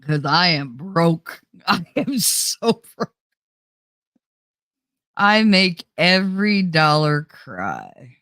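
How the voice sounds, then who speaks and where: A middle-aged woman runs her own YouTube channel, chatting casually with viewers in a rambling, joking way and laughing a lot. Her voice sits on the low side and is a bit bright, with a sing-song lilt, drawn-out words and long pauses, recorded dry.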